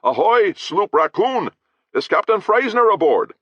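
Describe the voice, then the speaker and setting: A man voicing a gruff, blunt male sea captain who barks orders, in a dry, slightly dull recording. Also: lowish voice, sing-song, a little fast, a bit bright, dry recording, pitched above the performer's own voice, full character voice. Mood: hailing loudly. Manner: barking orders, short-tempered.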